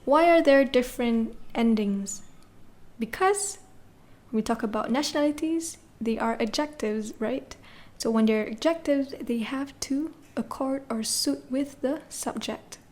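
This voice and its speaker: Patient woman teaching French, slightly high voice. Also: measured pace, darkish tone. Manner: patient, spells words letter by letter, checks with "okay?" and "right?". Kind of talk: classroom lesson explaining grammar.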